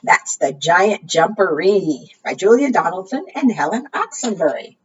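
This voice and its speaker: A woman librarian leading a preschool storytime, reading aloud and gently encouraging the children. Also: on the low side, very animated, unhurried, a little hiss or hum. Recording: dull distant recording.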